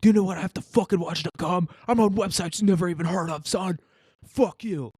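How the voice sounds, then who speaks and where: A man's voice: high voice, a little fast, a little mellow, husky, dry recording, studio quality, pitched above the performer's own voice. A man voicing a bitter, long-married male hostage who rants defensively. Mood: ranting. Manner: ranting, defensive.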